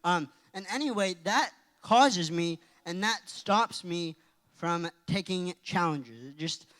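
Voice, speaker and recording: A teenage boy giving a youth-group talk, telling rambling, excitable stories. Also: sits high. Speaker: youth speaker. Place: church hall. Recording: reverberant hall.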